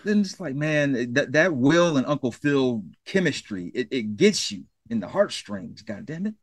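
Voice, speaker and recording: A man's voice: mid-range voice, animated, unhurried. A man with a mid-range voice recaps a sitcom plot in an easygoing way. He acts out the characters' lines and lets his feelings about the story show. The sound is dry, with no room echo. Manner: laid-back, quotes characters, easily moved. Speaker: podcast co-host. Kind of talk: casual chat recapping a TV episode.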